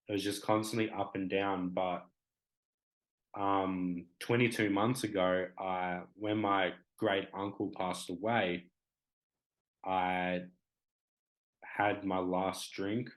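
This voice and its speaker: A man's voice: low-pitched, little pitch movement, slow, low-quality recording. A man in his twenties with an Australian accent, a talk show guest speaking candidly and rambling with many fillers. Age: 20s.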